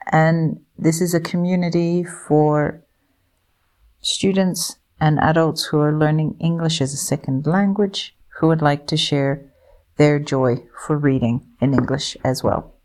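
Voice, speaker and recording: A woman with a deep, low voice narrates a children's picture book aloud. She reads slowly and clearly, gently pacing each line for listeners learning English. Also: steady tone.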